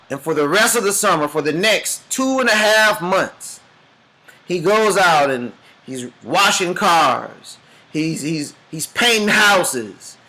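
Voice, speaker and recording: Animated, bright-voiced male storyteller. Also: high-pitched. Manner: animated, dramatic storyteller addressing a group. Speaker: business speaker. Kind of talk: motivational storytelling talk.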